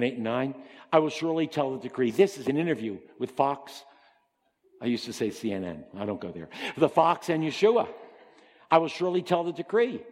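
A man preaching a sermon in an emphatic style, climbing to high, excited peaks and then dropping low. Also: big-room sound.

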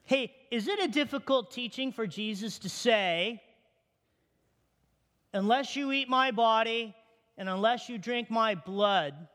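A man preaching a sermon, reading scripture aloud with animated energy. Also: extremely high pitch. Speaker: pastor. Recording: long hall reverb.

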